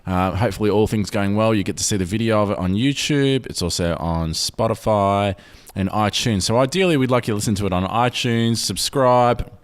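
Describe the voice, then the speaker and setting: A man hosts a casual podcast, his voice sitting a little low. He chats loosely and restarts his sentences often. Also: brisk, few pauses. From Australia. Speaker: podcast host.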